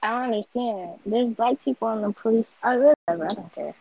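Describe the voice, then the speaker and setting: A young woman in casual group chat, explaining in an earnest, halting way. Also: on the high side, no room sound. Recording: dull lo-fi sound.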